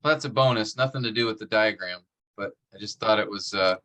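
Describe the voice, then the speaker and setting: A man's voice: fairly low pitch, a little fast, sharp tone. A man teaching a seminary class over a video call, explaining step by step and checking in with "right?". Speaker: seminary instructor.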